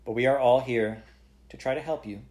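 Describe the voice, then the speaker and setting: A man voicing a patient older male court chairman who speaks gently but firmly, in measured phrases. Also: medium pitch, pitched above the performer's own voice, lightly acted.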